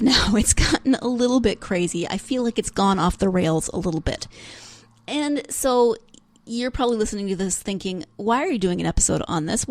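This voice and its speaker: A woman's voice: medium pitch, darkish tone, no echo. A woman hosting a solo book podcast in a chatty, self-deprecating way, laughing now and then. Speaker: podcast host. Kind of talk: casual solo podcast talk.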